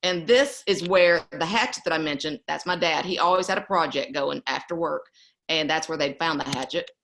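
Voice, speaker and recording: A woman's voice: low voice, moderate pace, vocal fry, a bit bright. A middle-aged woman from East Texas, telling a family story as an interview guest. She tells it with animation and laughs often.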